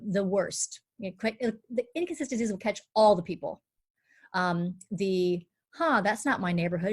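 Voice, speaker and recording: A woman dialect coach speaks on a live online panel. She sets out her points in clear steps, with a lively, engaged delivery. Her voice sits at a middle pitch.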